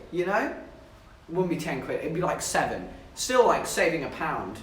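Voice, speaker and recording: A man's voice: sits high, expressive, brisk, a bit bright, recorded from a distance. A young man from southern England chatting casually to his livestream chat, telling stories with giggles along the way. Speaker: streamer. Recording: echoey room, voice a bit off-mic.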